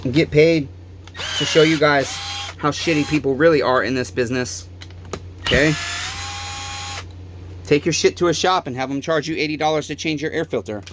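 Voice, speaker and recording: A man's voice: on the high side, normal speed, pauses often, noisy background. A man who runs a small-engine repair shop, ranting angrily and pleading to the camera, swearing often and repeating himself. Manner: heated, profane ranting, pleading and repetitive. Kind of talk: angry monologue to camera.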